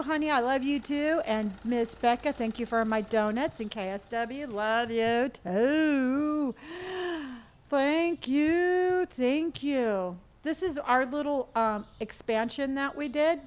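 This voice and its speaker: A woman hosting a live gaming stream in casual chat, effusively thanking viewers one by one with a playful, sing-song manner. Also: high-pitched.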